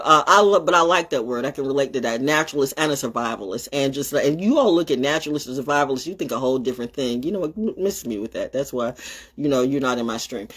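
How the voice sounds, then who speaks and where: Husky-voiced woman ranting on livestream. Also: sits low. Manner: blunt, profane, sing-song swings between rant and playful chant. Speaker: livestream host.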